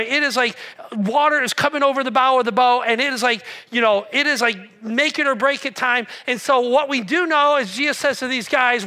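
Telling the story with lively energy, a male pastor speaks fairly quickly in a strikingly high, bright voice. His sermon alternates between loud stretches and quiet, hushed moments.

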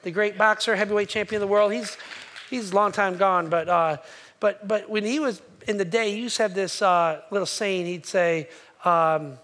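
A man with a high-pitched voice delivers a sermon from the pulpit. He keeps it conversational, often turning to the congregation with a quick "right?" to check they are following. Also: fairly bright tone. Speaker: pastor. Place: church sanctuary.

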